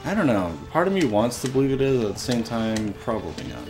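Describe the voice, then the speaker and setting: Animated young man chatting over gameplay. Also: medium pitch, fast talker. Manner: relaxed, swears casually, trails off quietly. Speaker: let's play co-host. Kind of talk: casual gameplay commentary. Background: faint game music.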